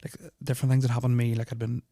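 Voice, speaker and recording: A young man tells a story at speed, tumbling through fillers, restarts and swearing with nervous unease. His voice is mellow and fairly flat in pitch. The sound is dry, with no room echo. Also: racing. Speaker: podcast host. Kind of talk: casual storytelling of personal experiences.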